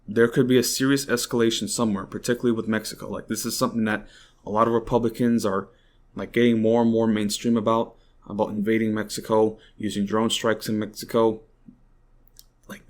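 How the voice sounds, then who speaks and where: A man hosting a podcast, giving opinionated political commentary in a blunt, profane and indignant way, rambling with frequent restarts. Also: medium pitch. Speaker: podcast host.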